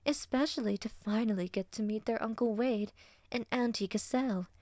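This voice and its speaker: A woman voicing a warm young ewe mother, gentle and cheerful, in a storybook reading. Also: fairly high pitch, normal speed, no room sound, clean studio sound, voice pushed up, natural voice.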